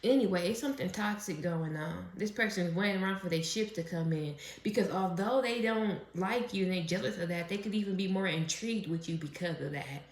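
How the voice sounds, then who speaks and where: A woman's voice: fairly low pitch, a little fast, hardly any pauses, slight background noise. A woman doing a casual tarot reading, chatty and profane, who laughs often as she talks. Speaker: tarot reader. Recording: roomy echo.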